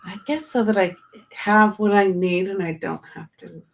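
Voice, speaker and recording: A woman co-hosting a casual live-stream chat, talking in an unhurried way with lots of fillers. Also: medium pitch. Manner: unhurried, laughs often, many fillers. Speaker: co-host.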